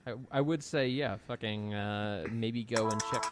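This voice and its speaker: A man's voice: on the low side, a little slow, slight background noise. A man co-hosting a podcast in casual chat, sarcastic and incredulous, swearing freely. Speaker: podcast co-host.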